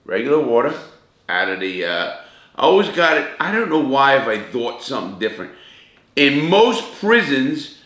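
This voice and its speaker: Rich: A middle-aged man runs a casual cooking demo, talking straight to the viewers as "people" and "guys." His voice is bright and forceful. It rings in an echoey room. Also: mid-range voice. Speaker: cooking show host.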